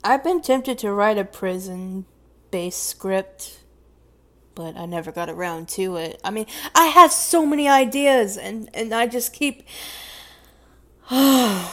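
Slow rambling southern young woman. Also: fairly high pitch, sharp tone. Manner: rambling, self-correcting, laughs often. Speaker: vlogger answering question prompts. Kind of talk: casual chat.

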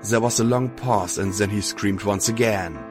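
A man narrating an audiobook in a steady first-person reading. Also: on the low side, normal speed, music in the background.

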